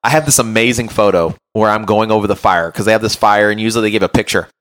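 Lowish guy voice, podcast host telling a story on himself, lively and chatty, keeps saying right?. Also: fast talker. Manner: animated, self-mocking, keeps adding "right?". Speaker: podcast host and run coach. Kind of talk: casual storytelling chat.

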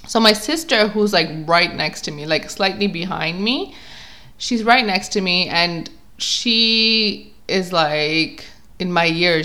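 A young woman vlogger telling a casual story, chatty and animated, filling her talk with "like" and acting out what people said. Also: mid-range voice. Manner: chatty, filler-heavy with constant "like"; animated, acts out quotes.

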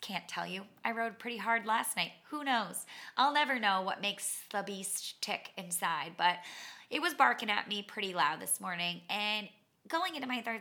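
A woman hosting a podcast, telling a story in a chatty, animated way with dramatic asides and self-mocking humor. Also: mid-range voice, brisk, vocal fry. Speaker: podcast host and cycling instructor. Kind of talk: casual monologue storytelling.

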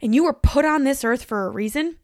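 A woman's voice: high-pitched, a little fast, darkish tone, no echo, studio quality. A woman hosting a podcast, giving an upbeat, encouraging pep talk straight to the listener. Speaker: podcast host.

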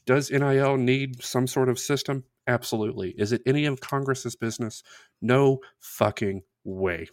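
A man's voice: medium pitch, level tone, brisk, hardly any pauses, dry recording. A man hosting a sports podcast who speaks in a blunt, indignant, profane way. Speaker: podcast host. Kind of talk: casual sports podcast rant.

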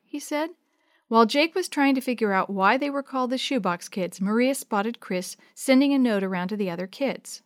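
A woman's voice: moderate pace, no room sound, studio quality. Woman reading a children's story aloud. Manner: lively, shifts pitch up for children's voices. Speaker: narrator reading a children's book. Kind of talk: storybook reading with character voices.

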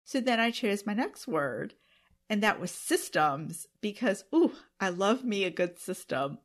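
A podcast host talks alone to her audience in a medium-pitched, very animated voice, speaking a little slowly. Her monologue is sincere and emotional, occasionally tearful.

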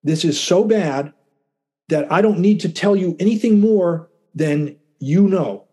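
Calm mellow-voiced man. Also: high voice, husky. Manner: calm, even-keeled, halting with restarts. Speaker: lawyer and writer, guest. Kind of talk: casual interview talk.

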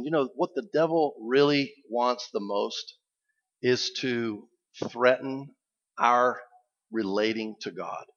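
Male pastor, mid-pitched, talking a sermon plainly, dull lo-fi recording. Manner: conversational, reflective preaching.

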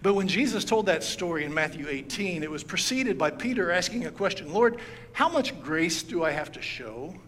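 Storytelling pastor in a reverberant hall. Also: male voice, sits high, animated, moderate pace, a bit bright, slight background noise. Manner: storytelling, acts out quoted lines. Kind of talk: sermon. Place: church sanctuary. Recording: long hall reverb, faint ambience.

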